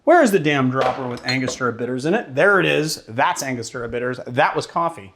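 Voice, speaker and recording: A man's voice: mid-range voice, expressive, fairly quick, a bit bright, a little hiss or hum. A man hosting a cocktail show, chatting casually and joking while he mixes and tastes a drink. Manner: casual and joking, with fillers and curses. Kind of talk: casual cocktail demo and tasting.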